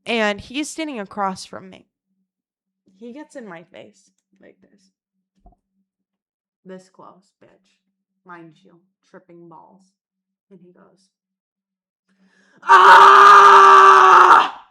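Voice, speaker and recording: Young woman doing a storytime vlog, dramatic, swears a lot, bright voice. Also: lowish voice, takes it slowly, long pauses, a little hiss or hum. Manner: animated, profane, dramatic.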